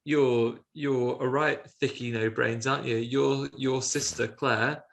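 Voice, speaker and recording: A man's voice: mid-range voice, steady tone, measured pace, vocal fry, fairly bright tone, slight background noise. A man voicing a spiteful mutant scientist, trading casual, sneering insults. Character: spiteful scientist turned monster, male adult.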